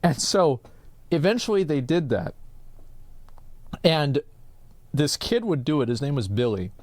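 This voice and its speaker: Lively, rambling male streamer. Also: on the high side, unhurried, no room sound. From Texas. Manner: rambling, profane, full of filler words. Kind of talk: casual storytelling on a live stream.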